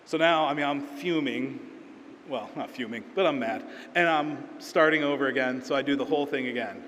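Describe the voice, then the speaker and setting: A pastor preaching a sermon in a relaxed, storytelling way, acting out quoted lines in everyday speech. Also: male voice, mid-range voice, normal speed, slight background noise. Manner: conversational storytelling with acted-out quotes. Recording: reverberant hall, faint ambience.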